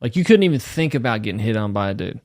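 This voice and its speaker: A man's voice: on the low side, very animated, quick pace, a little mellow, no room sound, clean studio sound. A man in his thirties hosting a podcast, chatting casually, laid-back, often saying "man" and "dude" and laughing. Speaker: podcast host. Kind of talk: casual chat.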